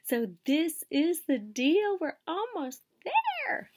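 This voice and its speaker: A woman teacher reading a picture book aloud to children and asking them questions in an expressive storytelling manner. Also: very high-pitched, takes it slowly.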